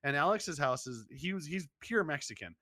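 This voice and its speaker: A man's voice: on the high side, normal speed, dry recording. A man co-hosting a podcast, talking casually and animatedly, swearing and acting out what people said. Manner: animated, swearing, acts out quotes. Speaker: podcast co-host. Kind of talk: casual chat.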